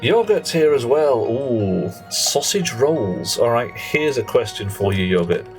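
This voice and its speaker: A man's voice: mid-range voice, expressive, a little slow, darkish tone, faint music behind. A British man streaming live, chatting casually with viewers in a cheeky, rambling way that slips into mock rants.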